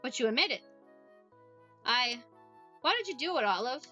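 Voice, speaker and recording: A woman's voice: high voice, expressive, moderate pace, bright, forceful tone, highs cut off, soft background music, exaggerated voice. A woman voicing an earnest, polite young witch girl who talks in a formal, careful way in a voiced visual novel. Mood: puzzled.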